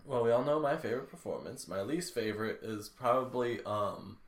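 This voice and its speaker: A man's voice: mid-range voice, animated, brisk, roomy sound. A man who voices characters on the show, chatting casually and hesitantly. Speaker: podcast voice actor. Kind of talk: casual chat.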